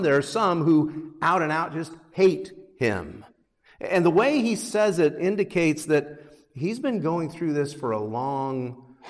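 A man delivers an earnest sermon at a middle pitch, his voice carrying a long reverb from a church hall. He reads scripture with rising emphasis and talks through it plainly. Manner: earnest, rises in pitch and force on scripture readings. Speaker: pastor.

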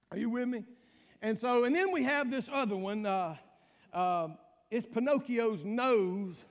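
A man's voice: very high voice, animated, a little slow, big-room sound. A male pastor preaching a humorous sermon, telling folksy stories and calling out to the congregation. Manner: folksy storytelling with call-outs to the congregation.

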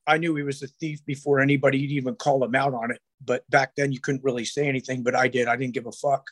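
A man's voice: medium pitch, little pitch movement, fast talker, a bit bright. A man as a podcast guest, telling rambling stories with heavy swearing and many restarts. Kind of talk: casual podcast chat.

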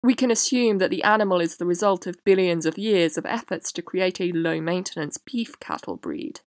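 Woman reading her podcast essay, measured, fairly low voice, dry sound. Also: lively intonation, no echo. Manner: measured, reading prepared text with quotes. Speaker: podcast host. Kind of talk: scripted essay narration.

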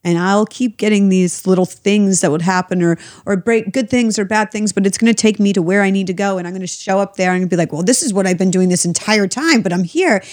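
A woman's voice: mid-range voice, a little fast, hardly any pauses, darkish tone, no room sound, clean studio sound. A woman talking candidly in a casual conversation, rambling, swearing freely and laughing often. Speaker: guest.

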